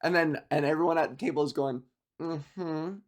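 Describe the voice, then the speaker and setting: A young Canadian comedian rambles through self-mocking stand-up stories, laughing at his own jokes. He talks fast in a slightly high voice with fairly even intonation.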